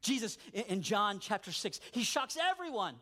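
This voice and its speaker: Speaking at a normal pace, a male pastor preaches with lively storytelling, slipping into quiet asides and then climbing for emphatic points.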